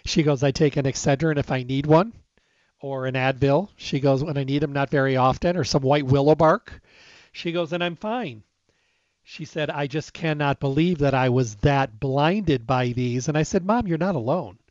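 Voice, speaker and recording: A middle-aged man with a somewhat high voice talks straight into a close mic, casual and emphatic, slipping into the back-and-forth of remembered conversations. The sound is bone-dry and a little dull, like a lo-fi recording. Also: moderate pace, darkish tone, no room sound. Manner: emphatic, conversational, acts out quoted dialogue. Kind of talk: casual storytelling monologue.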